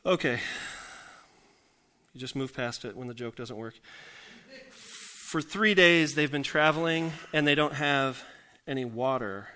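Bright-voiced joking pastor man. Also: mid-range voice, a little slow. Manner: joking, self-deprecating asides; rhetorical questions to the congregation. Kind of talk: conversational sermon.

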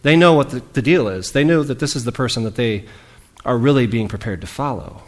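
A man preaching in a casual, talkative way, with a voice of middle pitch. He breaks into little acted-out voices for the people in his story and keeps an easy, chatty tone with his listeners. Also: fairly quick. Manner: lively, conversational, acts out quoted lines. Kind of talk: conversational sermon.

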